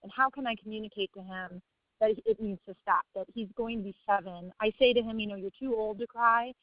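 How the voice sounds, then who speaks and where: A woman's voice: medium pitch, quick pace, no echo, highs cut off. A woman in her thirties, a parent asking for advice, rambling and laughing as she hunts for words. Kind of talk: casual chat.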